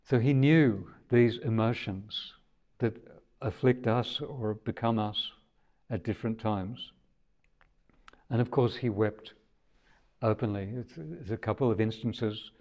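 Low-voiced man preaching conversationally. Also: slow, darkish tone. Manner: conversational, thoughtful, with frequent restarts. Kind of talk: sermon.

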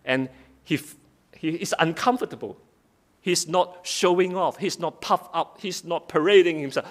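A man's voice: a little high, normal speed. A man giving a sermon, reading Bible verses aloud and then explaining them in plain, simple words with frequent restarts. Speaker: preacher. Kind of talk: sermon, Bible study exposition.

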